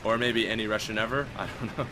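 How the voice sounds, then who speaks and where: A young man commentating his own gameplay, chatty and excitable, with outbursts and mock-British slang like mate. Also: lowish voice, noisy background. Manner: excitable, chatty, quick outbursts while playing. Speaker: gaming video host. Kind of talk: let's play commentary.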